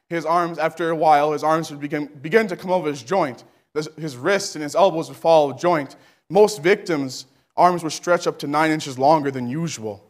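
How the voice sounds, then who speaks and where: A man preaching a sermon with fervent delivery that climbs to shouting. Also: fairly high pitch.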